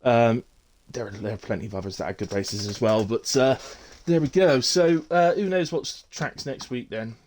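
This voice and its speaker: A man's voice: medium pitch, moderate pace, hardly any pauses, a little mellow, a little hiss or hum. A man hosting a casual post-race chat on his live stream, chatty and teasing, with lots of fillers. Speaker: streamer hosting a sim racing league.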